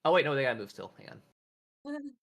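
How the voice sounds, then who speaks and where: A man runs a tabletop game session in a loose, chatty way and laughs often. His voice is gravelly and his pitch moves a lot. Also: huge pitch swings, fast talker, a bit bright. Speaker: game master. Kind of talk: running a tabletop game, casual.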